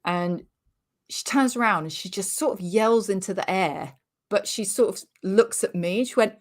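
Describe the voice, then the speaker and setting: A British woman comedian in her forties, telling a sweary, animated anecdote in casual chat over a remote call. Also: mid-range voice, moderate pace. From Britain. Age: 40s. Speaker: comedian guest.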